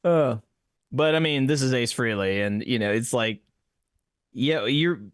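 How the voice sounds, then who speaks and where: A man on a music podcast making his point with gusto, piling on repeated phrases as he builds it up. His voice sits at an ordinary pitch for a man. It is recorded dry and close, with no room sound. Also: moderate pace, clear, resonant tone, no echo. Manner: emphatic, animated, repeats phrases for effect. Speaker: podcast co-host. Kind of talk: casual chat about music.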